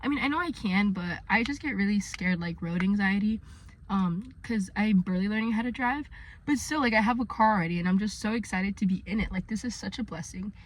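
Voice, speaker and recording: A woman's voice: medium pitch, a little fast, a little hiss or hum. Young adult woman, earnest, filler-heavy vlogger, recorded inside her car. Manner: chatty, earnest, many fillers. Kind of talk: casual faith vlog.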